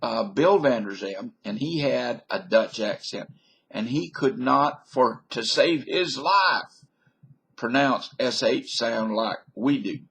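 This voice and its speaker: Slow, husky-voiced rambling man. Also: medium pitch, lively intonation, a bit bright. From British Columbia, Canada. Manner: folksy, digressive, mock-learned. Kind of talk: rambling comic monologue. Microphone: webcam.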